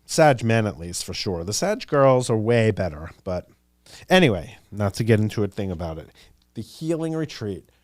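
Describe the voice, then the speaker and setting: A man's voice: on the low side, sing-song, normal speed, a little mellow, dry recording, studio quality. A man in his thirties with a New York accent, hosting a casual solo podcast, gossipy and chatty, jumping between ideas and acting out quotes. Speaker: podcast host.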